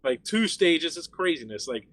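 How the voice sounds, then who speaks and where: A man from Miami, a guest on a casual chat, telling a story in an animated, profane way full of "like" fillers. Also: on the high side, moderate pace, no room sound.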